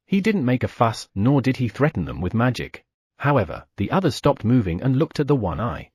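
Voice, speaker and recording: A man narrating a fantasy audiobook in first person, giving the other characters small shifts of pitch. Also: huge pitch swings, fairly quick, darkish tone, breathy edge, no room sound, clean studio sound.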